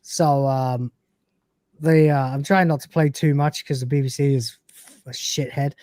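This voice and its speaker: A man's voice: mid-range voice, steady tone, unhurried, darkish tone, dry recording, clean studio sound. A man casually recapping an episode, rambling with fillers and swearing offhand. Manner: rambling, with many fillers and restarts. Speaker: host.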